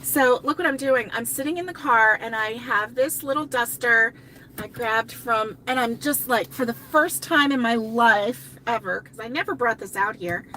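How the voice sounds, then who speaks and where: This crochet channel host, an older woman, streams live from inside her car, rambling casually, laughing frequently and reading viewer comments out loud. Her fairly high voice sounds pushed and bright, and a little hiss or hum is audible.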